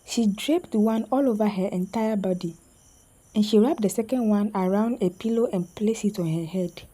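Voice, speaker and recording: A woman narrating a scripted story in a slow, suspenseful way with dramatic pauses. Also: medium pitch, warm tone, husky, rough recording.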